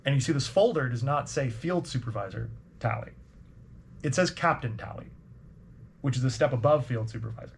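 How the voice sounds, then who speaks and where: A man's voice: mid-range voice, lively intonation, fairly quick, vocal fry, a little hiss or hum. A man narrating as game master with loose, rambling delivery.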